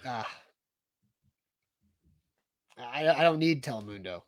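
A man co-hosting a sports podcast in casual chat, relaxed and firm in his views, who also closes the show. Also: mid-range voice, brisk, no echo, studio quality.

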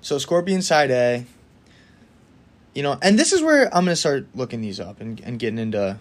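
A man hosts a laid-back solo podcast, speaking in a mid-range voice. He talks casually and with strong opinions, and he often speeds up in excited bursts. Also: medium pitch, normal speed. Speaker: podcast host.

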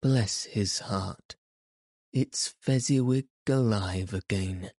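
A man's voice: on the low side, takes it slowly, darkish tone, no echo, clean studio sound. A man voicing an old male miser in an audiobook reading, with wistful, marveling exclamations. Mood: wistful wonder.

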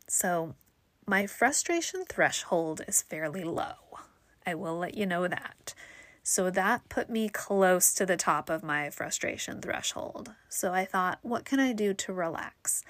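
A woman vlogging in a chatty, exasperated way, jumping into lively put-on voices whenever she quotes someone. Her voice sits mid-range and sounds close and dry, with no room around it. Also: medium pitch, normal speed, no room sound. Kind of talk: casual storytelling monologue.

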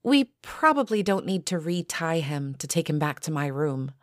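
A woman's voice: deep voice, very animated, moderate pace, no echo, studio quality. A woman voicing a taunting young sorority sister who teases and giggles, in an audio story. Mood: mocking. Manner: teasing, giggly.

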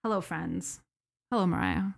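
A woman in her thirties co-hosts a chatty podcast, giggling and rambling as she goes. Her voice sits a bit low and carries a gravelly fry. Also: steady tone, moderate pace. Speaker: podcast co-host. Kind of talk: casual chat.

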